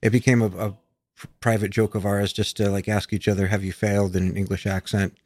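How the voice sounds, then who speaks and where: A man's voice: lowish voice, level tone, brisk, darkish tone, no room sound. A man from the United States, a musician guest in a casual interview, talking with many fillers and restarts.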